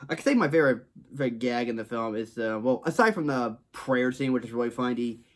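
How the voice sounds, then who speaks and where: A fast-talking Texan with a mid-range, slightly bright voice reviews a movie for the camera in a casual way. He's a film reviewer who rambles, repeats things, restarts frequently, and reaches for stock phrases.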